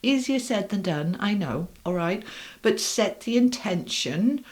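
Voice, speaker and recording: A woman's voice: medium pitch, animated, a little slow, darkish tone. Chatty middle-aged woman giving a tarot reading. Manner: chatty and upbeat, talks straight to viewers. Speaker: tarot reader. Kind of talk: casual tarot reading to camera.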